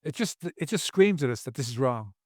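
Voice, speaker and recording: A man's voice: medium pitch, sing-song, brisk, dry recording, studio quality. A man speaking as a podcast guest, earnest and preachy, repeating phrases for emphasis. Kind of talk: podcast interview.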